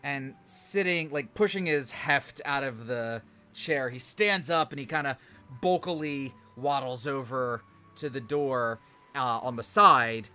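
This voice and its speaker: Guy running a tabletop game, bright voice, rambles with lots of likes and ums. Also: mid-range voice, a little slow, clear, resonant tone, faint music behind. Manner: rambling, animated narration with fillers. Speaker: game master.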